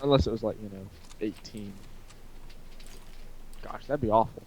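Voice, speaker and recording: A man with a hoarse throat co-hosting a casual chat between friends, joking, teasing and rambling. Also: lowish voice, normal speed, a little mellow, a little hiss or hum, poor audio. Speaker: podcast co-host.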